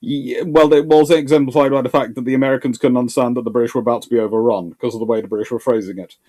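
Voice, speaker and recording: History guy doing live q&a, middle pitch, stumbles and restarts a lot. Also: steady tone, racing, a little mellow. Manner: thinks aloud with restarts and stammered repeats. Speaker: naval history channel host. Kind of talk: live Q&A, answering viewer questions.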